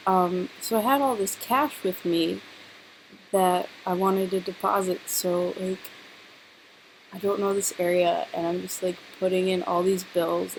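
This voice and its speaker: A woman's voice: medium pitch, creaky, slight background noise, rough recording. A young woman vlogger with a sore throat, telling a story in a chatty, dramatic way and saying "like" a lot. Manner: chatty and dramatic, heavy use of "like". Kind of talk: casual storytelling to camera.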